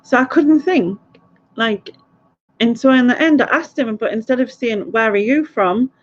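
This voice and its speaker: A woman's voice: a little high, normal speed, dull audio. Chatty woman, giggly. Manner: chatty, rambling, laughs a lot. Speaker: quiz host. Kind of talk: casual live stream chat.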